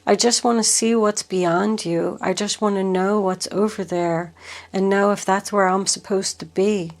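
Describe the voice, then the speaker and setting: A woman voicing a gentle young male deer in a storybook tale, pleading softly. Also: medium pitch, steady tone, a little slow, close to an everyday voice. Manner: soft, pleading.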